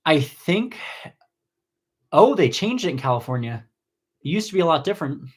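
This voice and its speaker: A man from New Jersey hosting a casual live-stream Q&A on cosmetology, chatty and rambling, with sudden excited jumps in pitch. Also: normal speed, breathy edge. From New Jersey, USA. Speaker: cosmetology educator and host. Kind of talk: casual live-stream Q&A reading viewer comments.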